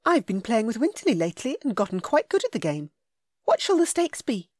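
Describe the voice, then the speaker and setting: A woman voicing a witty, affectionate young lady in an audiobook, speaking higher and playfully. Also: very animated, brisk, darkish tone, no echo, studio quality.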